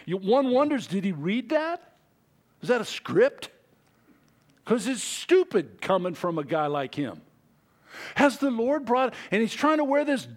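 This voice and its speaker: A man preaching a conversational sermon, shifting between loud, excited stretches and quiet, low asides. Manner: lively, conversational preaching with wide swings in pitch and loudness. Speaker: pastor.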